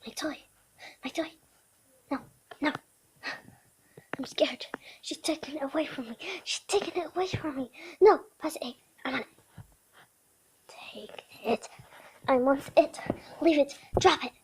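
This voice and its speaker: A woman's voice: slow pace, long pauses, a little mellow, poor audio. Woman voicing a whiny, dramatic pet dog. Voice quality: whiny, pleading, swings into high cries and whispers.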